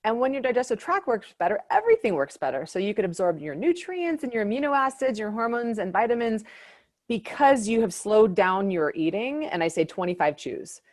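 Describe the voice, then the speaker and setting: A woman's voice: mid-range voice, very animated, brisk, dry recording, clean studio sound. A woman hosting an interview in a chatty, casual way, dropping the filler word "like" often. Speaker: host, naturopath.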